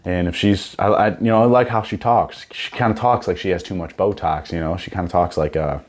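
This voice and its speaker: A man's voice: low voice, steady tone, brisk. A young man hosting a comedy podcast, rambling and profane in a casual monologue, full of "you know what I'm saying.".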